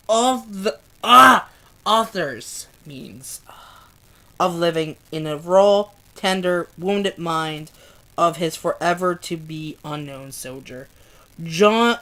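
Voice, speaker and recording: A woman reads a book aloud at a slow, deliberate pace, sounding out long words and often stumbling. She restarts words mid-way and breaks off to curse at her own mistakes. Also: medium pitch, fairly bright tone. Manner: stumbles over hard words, swears and laughs at herself. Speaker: amateur reader. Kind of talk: reading a book aloud, livestream.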